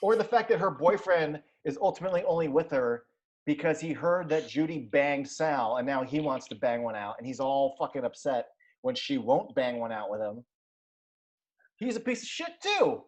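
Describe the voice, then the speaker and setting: A man's voice: a little high, very animated, moderate pace, low-quality recording. A man co-hosting a casual movie podcast, ranting with lots of swearing and frequent laughter. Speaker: podcast co-host.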